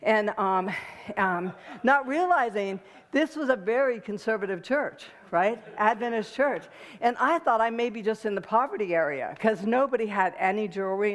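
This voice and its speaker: Emotional, laughing woman giving a testimony. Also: medium pitch. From United States. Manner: animated and emotional, laughs often, many restarts. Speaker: guest speaker. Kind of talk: personal testimony talk to an audience.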